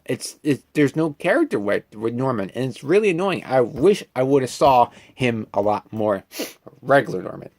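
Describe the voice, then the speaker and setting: Animated young man reviewing a film. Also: medium pitch. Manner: animated and chatty, full of fillers and asides. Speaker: movie reviewer.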